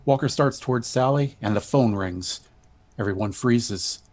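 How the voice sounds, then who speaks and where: Guy reading the stage directions, even and measured. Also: medium pitch.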